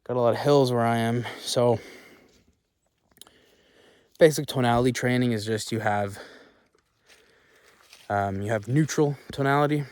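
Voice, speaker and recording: Walking outdoors over hilly ground, a man gives casual sales coaching, puffing between thoughts, repeating words emphatically and checking in with "okay?" and "right?". His medium-pitched voice is steady, smooth and darkish, a little slow with frequent pauses, and there's no echo.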